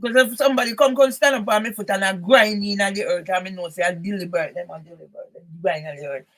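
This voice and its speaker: A woman's voice: mid-range voice, fast talker, a bit bright, poor audio. A woman from Jamaica with a Jamaican accent, talking in a rambling, emphatic personal monologue that drifts into patois. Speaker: channel host.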